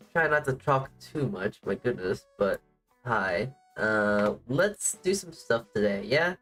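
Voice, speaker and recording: A man's voice: mid-range voice, lively intonation, slow pace, a bit bright, rough recording. Rambling man chatting on a livestream. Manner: rambling, heavy on "like" fillers, self-deprecating. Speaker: VTuber streamer. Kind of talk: casual livestream chat. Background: faint music playing.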